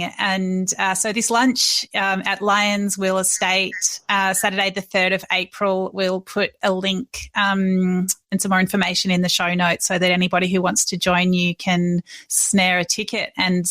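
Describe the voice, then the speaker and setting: A woman's voice: medium pitch, no room sound. Woman podcast host, dry sound. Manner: enthusiastic, warm interviewer with ums. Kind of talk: casual interview conversation.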